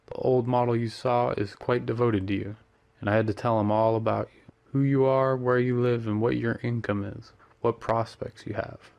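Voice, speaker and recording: A man's voice: medium pitch, little pitch movement, normal speed, vocal fry, a little mellow, muffled recording, close to an everyday voice. A man voicing a worldly, amused male painter who teases his friend and drops French phrases.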